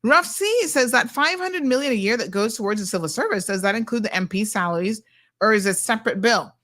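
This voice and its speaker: Blunt lady host on a livestream, kinda high voice, sassy. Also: expressive, quick pace, fairly bright tone. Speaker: talk show host. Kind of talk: livestream talk show, reading viewer comments.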